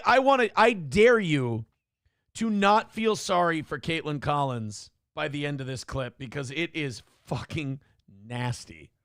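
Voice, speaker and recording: A man's voice: sits high, fairly bright tone, clear, resonant tone, no room sound, studio quality. A man hosting a morning show, riffing crudely and mockingly on news clips. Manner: profane, mocking, does jokey impressions. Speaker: show host.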